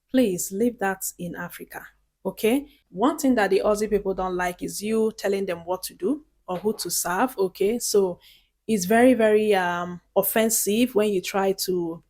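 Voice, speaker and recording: A woman's voice: medium pitch, darkish tone. Earnest woman giving vlog advice. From Nigeria. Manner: chatty, earnest, keeps checking in with "okay?". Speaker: vlogger.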